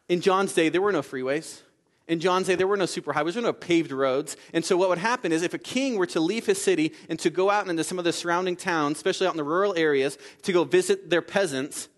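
A man preaching a sermon in a conversational way, with frequent asides like "right?" and "okay?", acting out the quoted lines. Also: high voice. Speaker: pastor.

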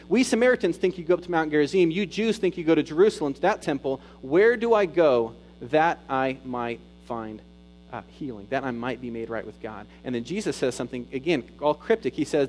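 A man preaching a sermon as pastor, rising to loud emphatic peaks and dropping to soft, intimate retelling. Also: on the high side, animated, brisk, slight background noise, rough recording.

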